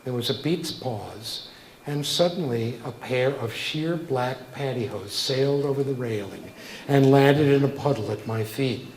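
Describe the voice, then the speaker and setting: A man's voice: mid-range voice, a little slow, a little mellow, reverberant, a little hiss or hum, rough recording. An older man, a cabaret singer-songwriter, telling a wry, conversational anecdote between songs at a live venue.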